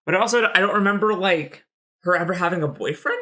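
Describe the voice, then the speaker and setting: A man co-hosts a casual book-club podcast, his voice a touch high and very bright. He rambles along, full of "like," and slips into little acted-out quotes. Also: fast. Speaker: podcast co-host.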